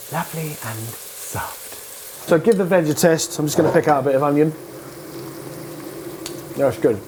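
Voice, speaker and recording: A man's voice: mid-range voice, a little mellow. Chatty man cooking over sizzling pans. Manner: chatty, playful, talks while cooking. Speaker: cooking show host. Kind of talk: casual cooking demonstration. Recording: clear frying noise behind voice. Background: frying and sizzling pan sounds.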